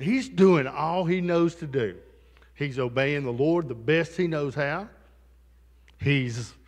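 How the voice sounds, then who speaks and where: Lively-voiced male pastor preaching. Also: a little high, big-room sound. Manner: conversational preaching with asides to the congregation. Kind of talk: sermon. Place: church sanctuary.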